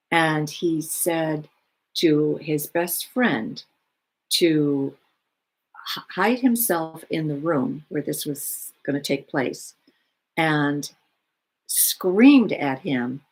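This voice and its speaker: A woman who works as a spiritual healer, giving her weekly talk in an unhurried, rambling way with many fillers. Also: low voice, husky.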